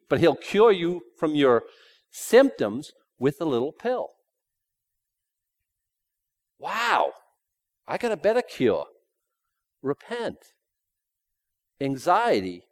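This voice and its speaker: A man preaching a sermon in a folksy, emphatic way, swinging between loud points and hushed asides. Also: medium pitch, no room sound.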